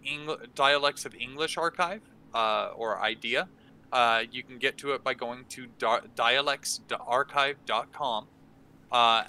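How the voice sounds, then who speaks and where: A man's voice: medium pitch, bright, forceful tone, clean tone. A man hosting a tabletop game workshop, answering questions casually with many hesitations and restarts. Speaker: dungeon master hosting a workshop. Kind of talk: casual Q&A talk.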